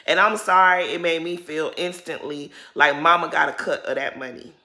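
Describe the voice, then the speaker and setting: Bright-voiced chatty woman vlogger. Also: low voice, normal speed. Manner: animated, chatty, slangy commentary. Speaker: reality TV recap vlogger. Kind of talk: casual chat.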